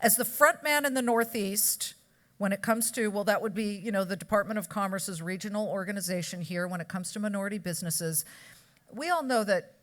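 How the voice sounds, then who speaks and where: A woman's voice: mid-range voice, fairly quick, fairly bright tone. A woman from California giving a chatty award speech at a charity gala, with joking asides to the audience at a podium microphone. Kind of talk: after-dinner award speech. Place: banquet hall.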